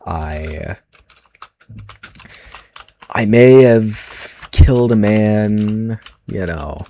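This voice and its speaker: A man's voice: fairly low pitch, expressive, extremely slow, mellow, slight background noise, exaggerated voice. A man voicing an ageless, boastful male general who was secretly posing as a president, confessing his deeds in a casual, matter-of-fact way. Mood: confessional. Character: Trump unmasked as immortal Ulysses S. Grant, male, boastful. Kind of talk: comedic monologue role-play.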